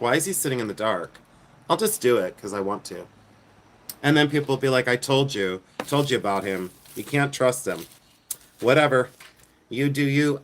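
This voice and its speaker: Streaming casually from outdoors at night, a middle-aged American man who resells jewelry chats and jokes at his own expense with his audience. His voice is mid-range and a bit bright, with a faint hiss or hum in the recording.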